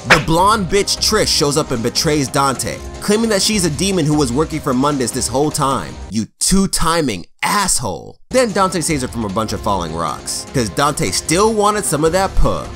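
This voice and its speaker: A man's voice: a little high, big pitch swings, moderate pace, hardly any pauses, a bit bright, faint music behind. A man co-hosting a comedic game story recap, joking and cursing as he goes. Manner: profane, joking, acts out characters. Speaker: co-host.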